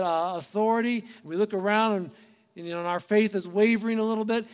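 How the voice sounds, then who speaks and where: A man's voice: high-pitched, long reverb tail. A male pastor preaching a sermon in a conversational, emphatic way, full of rhetorical questions to the congregation.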